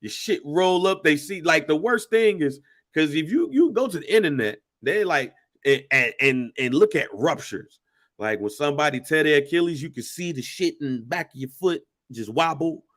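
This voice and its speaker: A podcast co-host with a fairly high-pitched voice tells a story at a normal speed. The chat is casual and packed with slang and swearing, and his storytelling is animated and profane.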